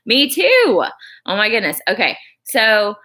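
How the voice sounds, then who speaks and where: Bright-voiced woman rambling on a livestream. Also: medium pitch, very animated, unhurried. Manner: chatty, rambling, reads comments aloud, says y'all. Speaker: vlogger on a live stream. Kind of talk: casual live-stream chat.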